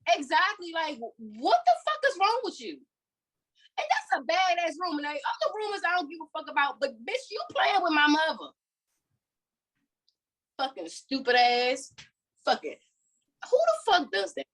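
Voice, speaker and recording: A woman co-hosting a podcast, telling a story in a heated, profane, animated way in casual chat. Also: extremely high pitch, moderate pace, long pauses, poor audio. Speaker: podcast co-host.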